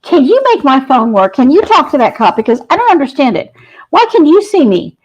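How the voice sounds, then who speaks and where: A woman's voice: sits high, big pitch swings, brisk. A woman acting out a frustrated, bewildered woman who does not know she has died, in a dull lo-fi recording. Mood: annoyed. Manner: irritated, bewildered. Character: flustered dead woman producer in denial.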